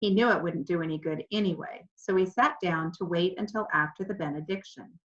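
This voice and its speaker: A woman narrating a children's storybook with clear, expressive delivery. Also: on the low side, brisk. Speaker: audiobook narrator. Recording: slightly dull lo-fi recording.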